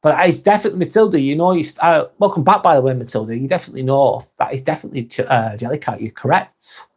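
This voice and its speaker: A man's voice: medium pitch, fast. A man hosting a casual live vlog, reading viewer comments aloud and chatting with them, swearing casually. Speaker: live stream host reading chat.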